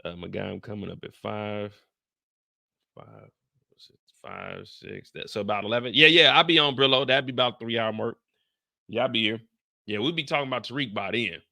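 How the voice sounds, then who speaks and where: A man's voice: fairly low pitch, moderate pace, creaky, pauses often. A man on a casual live stream, retelling a TV episode with slang and acted-out lines. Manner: animated storytelling, acts out characters' lines with slang and cursing.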